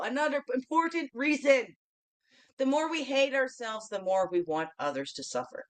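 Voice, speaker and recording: A woman hosting a daily reflection show, chatting through her spiritual card reading. She keeps asking "okay?", laughs often and swings from loud bursts to soft asides. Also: high-pitched, expressive, moderate pace.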